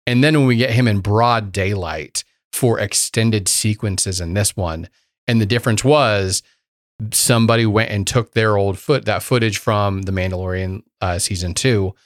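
A man's voice: fairly low pitch, normal speed, dry recording, studio quality. A man co-hosting a casual chat, enthusiastic and often restarting his sentences. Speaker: podcast co-host.

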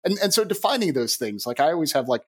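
A man's voice: a little high, sing-song, fast talker. A man co-hosting a podcast, rambling casually with restarts and the odd swear. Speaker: podcast co-host. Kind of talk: casual chat.

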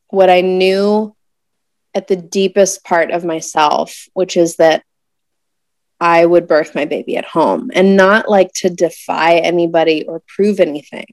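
A woman in her thirties recounts a painful personal story in an unhurried, conversational way. Her voice sits low for a woman, recorded close and dry with no room sound, and she pauses often and reaches for words. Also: a little mellow, no room sound. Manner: emotional, searching, many pauses and fillers. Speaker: guest telling a birth story.

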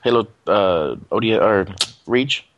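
A man's voice: fairly low pitch, slow pace, highs cut off. Easygoing man chatting about games. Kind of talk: casual gaming chat.

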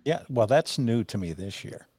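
A man's voice: mid-range voice, animated, moderate pace, darkish tone, breathy edge, no echo. A man co-hosting a casual live-stream chat, dropping dry, short remarks. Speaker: co-host.

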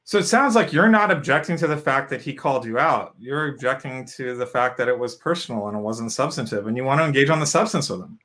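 A man's voice: mid-range voice, fast talker, few pauses, fairly bright tone. A man hosting an interview, talking in a chatty, upbeat way full of "you know" and "um" fillers. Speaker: show host. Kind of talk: casual interview chat.

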